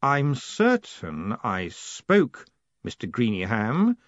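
Vetinari, a man voicing a cold, calm ruler. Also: mid-range voice, no echo, dull audio, voice pushed up. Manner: measured, precise, quietly menacing. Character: cold, calm, commanding male city ruler.

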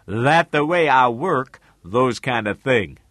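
A man's voice: mid-range voice, animated, slow pace, fairly bright tone, dry recording, voice pushed up. A man voicing a streetwise male friend who talks in terse broken English. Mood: matter-of-fact. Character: streetwise male friend, agreeable, small-time fixer.

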